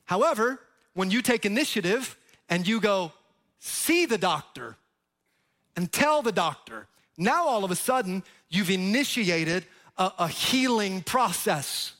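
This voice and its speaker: High-voiced, emphatic male preacher. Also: expressive, a little slow. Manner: emphatic, with sudden loud rises and drops; jokes with the crowd. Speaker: pastor. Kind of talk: sermon.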